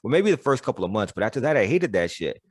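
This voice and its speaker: Blunt, low-voiced man, dry mic. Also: very animated, fast, no echo. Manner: candid, profane, stammering restarts. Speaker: podcast host. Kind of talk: casual interview conversation.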